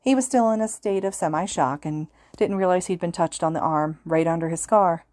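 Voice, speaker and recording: A woman reading a fan fiction story aloud as a podfic narrator, calm and steady. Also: fairly low pitch, a little fast, dry recording, studio quality. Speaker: podfic reader.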